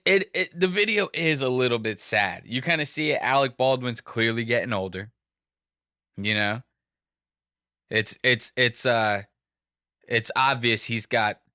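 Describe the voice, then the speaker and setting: A young podcast host with a bright, forceful mid-range voice rambles through a story, joking and swearing as he goes. The recording is clean studio sound with no echo.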